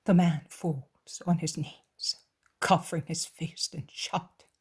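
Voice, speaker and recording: Slow breathy female audiobook narrator, soft near-whisper delivery, lowish voice. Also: fairly even intonation. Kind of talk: scripted narration.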